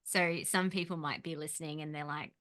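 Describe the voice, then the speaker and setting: A woman hosts a casual chat and explains ideas to her guest in an encouraging way. Her voice sits on the low side. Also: fairly even intonation, brisk, a bit bright. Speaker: host.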